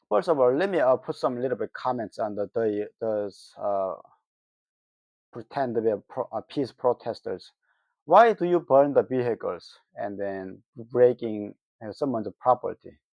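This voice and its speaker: A man from North Korea with a North Korean accent, speaking English as a second language in a casual opinion monologue, halting with many fillers and breaking into heated, mocking asides. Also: medium pitch, expressive, vocal fry, a little mellow, no echo. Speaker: vlogger. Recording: dull lo-fi dry recording.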